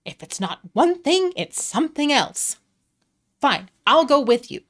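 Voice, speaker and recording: Pompous whiny carnival owner guy, high and loud, as a lady dm puts him on. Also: sing-song, a little slow. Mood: exasperated. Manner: exasperated, theatrical complaining.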